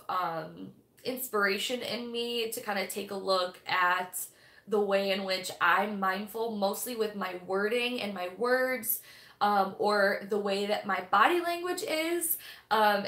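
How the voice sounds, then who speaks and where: A woman's voice: mid-range voice, a bit bright. A young woman hosting a casual live-stream book club, rambling and chatty with lots of fillers. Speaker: livestream host of a book club. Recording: echoey room.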